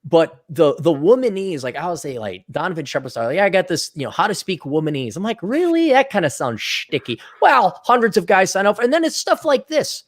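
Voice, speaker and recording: A man hosting a casual podcast, giving blunt advice in a lively rant and acting out the voices of the people he quotes. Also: high-pitched, brisk, hardly any pauses. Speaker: podcast host. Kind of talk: casual ranting chat. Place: Twin Cities area, indoors.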